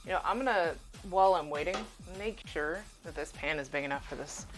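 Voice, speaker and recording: Low-voiced woman chatting while she cooks. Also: brisk, soft background music. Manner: rambling, swears casually, laughs often. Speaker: cooking streamer. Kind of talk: casual live-stream chat while cooking. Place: home kitchen.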